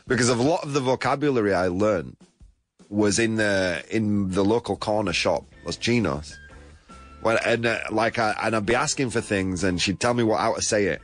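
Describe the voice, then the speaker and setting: A man's voice: fairly low pitch, moderate pace, faint music behind. A British man hosting a live show, reading out viewer answers in a playful, teasing way. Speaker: show host.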